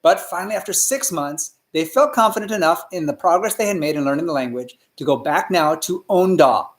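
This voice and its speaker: Animated male storyteller in an echoey room. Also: a little high, fairly quick. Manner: animated, asks the listeners questions. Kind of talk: children's story narration.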